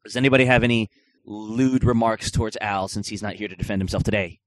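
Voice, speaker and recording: A man's voice: fairly low pitch, fairly even intonation, quick pace, dry recording. A man hosting a gaming podcast in casual chat, joking and rambling with lots of filler words. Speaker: podcast host.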